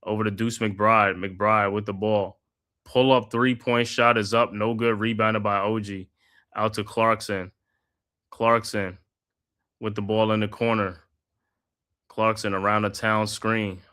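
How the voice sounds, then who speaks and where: Man calling play-by-play, bright tone. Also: on the low side, a little slow, clean tone. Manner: steady play calls, casual slang asides. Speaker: host. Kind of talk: live play-by-play commentary.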